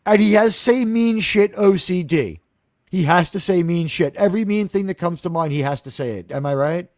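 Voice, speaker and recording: A man's voice: sits high, normal speed, no echo, clean studio sound. A man hosting a casual live chat about a TV episode, recapping scenes and acting out lines in funny voices. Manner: animated, acts out quotes in funny voices. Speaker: host of a TV review discussion.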